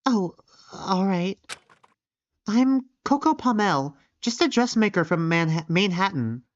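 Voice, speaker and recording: A man's voice: high voice, animated, dry recording, dull audio, pitched above the performer's own voice. A man voicing a timid, nervous young mare dressmaker, speaking shyly with a slight stammer. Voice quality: shy halting voice with slight stammer.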